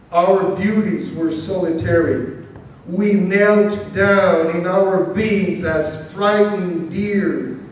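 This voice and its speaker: Slow man reading poetry in echoey church. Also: high-pitched. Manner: slow, measured delivery with long pauses. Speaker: poet reading at an event. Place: large church used as a reading venue. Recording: very echoey church hall, mic far off.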